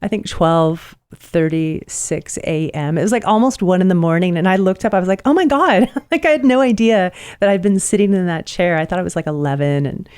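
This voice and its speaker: A woman's voice: fairly low pitch, a little fast, few pauses, mellow, clear, resonant tone, no room sound, clean studio sound. A woman host interviewing an author, enthusiastic and gushing with praise. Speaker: podcast host. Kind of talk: casual interview chat.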